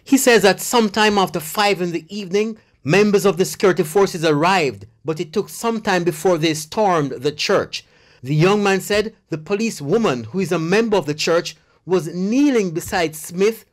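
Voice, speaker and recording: Measured TV news reporter voiceover. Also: mid-range voice. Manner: measured, formal report delivery. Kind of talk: scripted news narration.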